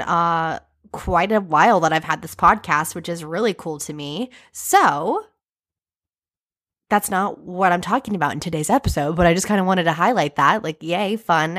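A young woman hosts her own podcast solo, chatting casually and rambling with many fillers and self-deprecating asides. Her voice sits on the low side with a fairly bright tone.

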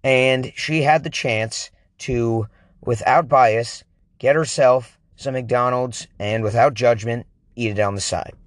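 A man's voice: mid-range voice, slow, dry recording. Sarcastic man ranting, dry sound. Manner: animated, sarcastic, exasperated. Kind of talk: casual storytelling rant.

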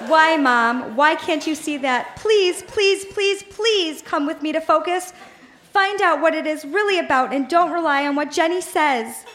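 A woman's voice: high-pitched, measured pace, fairly bright tone. A woman in her late twenties reading her teenage diary aloud at a live show in a bar, dramatic and earnest, with laughter in her voice. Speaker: reader on stage.

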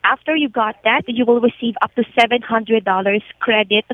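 A woman's voice: fairly high pitch, steady tone, normal speed, no echo. A woman answering as a customer service agent on the phone, polite and calling the caller sir a lot. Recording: narrow phone-line audio.

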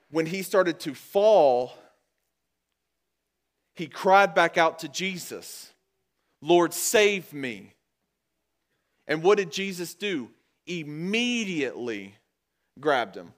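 A man preaching a sermon to his congregation in a conversational way, calling them guys and getting louder and higher when he drives a point home. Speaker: pastor. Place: church.

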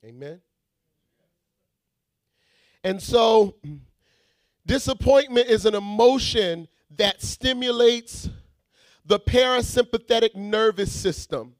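Preacher man, high voice, dry close sound, shouted prayer and quiet teaching, calls out to the congregation. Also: slow, pauses often, no echo. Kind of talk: sermon.

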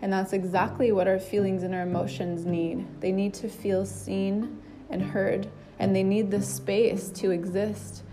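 Mellow, even-toned woman yoga teacher. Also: medium pitch, unhurried, soft background music. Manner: gentle, calm, with occasional restarts. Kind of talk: reflective spoken monologue.

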